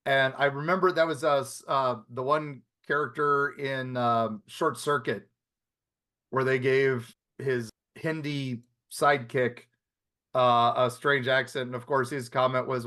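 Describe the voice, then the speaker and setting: A man's voice: mid-range voice, steady tone, measured pace, sharp tone. A man co-hosting a podcast, chatting casually and rambling through restarts and asides. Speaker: podcast co-host. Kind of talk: casual chat.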